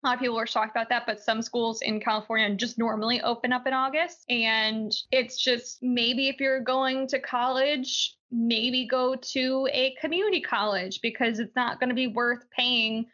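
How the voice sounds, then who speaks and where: A woman's voice: fairly high pitch, steady tone, normal speed, few pauses, sharp tone. A young woman with a slight Southern accent, co-hosting a podcast in casual, opinionated news chat and laughing often. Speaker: podcast co-host. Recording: dull lo-fi podcast audio.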